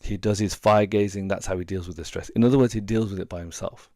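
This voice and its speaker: A man's voice: on the low side, fairly even intonation, fast talker, mellow, no echo, clean studio sound. A middle-aged man, a relationship coach giving earnest, conversational advice and sharing personal stories. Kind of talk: casual advice talk.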